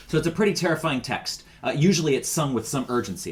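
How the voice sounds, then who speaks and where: A man's voice: on the high side, expressive, fast talker, few pauses. A man recording a choir rehearsal lesson as its director, explaining each step patiently.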